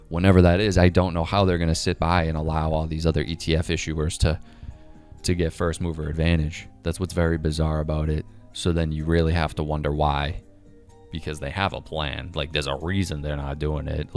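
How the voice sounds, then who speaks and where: Excitable, profane male commentator, deep-voiced, faint music underneath. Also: clear, resonant tone. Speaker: crypto commentator. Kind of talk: casual monologue.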